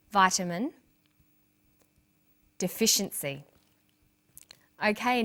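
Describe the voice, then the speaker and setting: A woman presenting an English lesson, reading example sentences and slowly stressing syllables for learners. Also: mid-range voice, a bit bright. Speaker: English language teacher. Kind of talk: scripted teaching narration.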